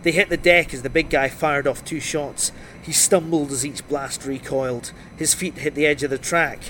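A man reading a first-person crime novel aloud in a dry, wry, steady storytelling voice. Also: on the high side, normal speed, a little hiss or hum. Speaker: audiobook narrator.

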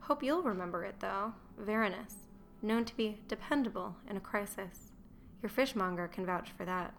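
A woman's voice: mid-range voice, normal speed, gravelly, faint music behind, natural voice. Easygoing roman watch captain, wry and cheerful, woman narrator doing him, audiobook. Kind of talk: audiobook character voice.

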